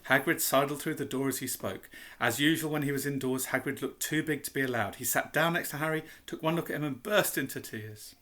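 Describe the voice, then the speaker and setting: A man reads a children's fantasy story aloud in an ordinary mid-range voice. His telling is measured and expressive, with a clear, even delivery. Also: medium pitch. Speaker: audiobook reader. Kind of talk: storybook narration.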